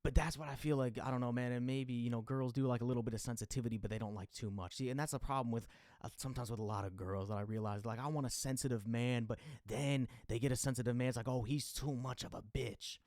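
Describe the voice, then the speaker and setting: A man's voice: mid-range voice, fairly even intonation, fast talker, dry recording. Rambling young man, dry close sound. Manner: rambling, confessional, full of fillers and restarts; goes loud and exasperated when ranting. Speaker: podcast host. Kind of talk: casual monologue.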